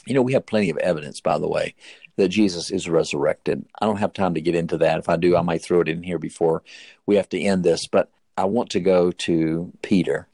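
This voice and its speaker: A man with a low, gravelly, darkish voice retells a scripture story in a sermon at a fairly quick pace. His telling is earnest, and his pitch leaps whenever the story turns dramatic, with close, dry sound and no room echo.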